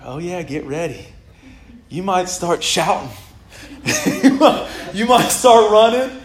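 A middle-aged pastor preaching in a relaxed, conversational way that keeps breaking into laughter and excited shouts. His voice sits fairly high for a man. The sound carries the echo of a church room. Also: takes it slowly. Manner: casual, animated preaching with laughs and bursts of shouting. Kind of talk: sermon. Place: church sanctuary.

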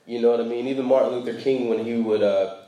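Male preacher, easygoing storytelling sermon, dark mellow tone, reverberant room. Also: mid-range voice, fairly even intonation, quick pace, highs cut off. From United States. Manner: conversational, frequent fillers, laughs while telling stories. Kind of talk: sermon talk.

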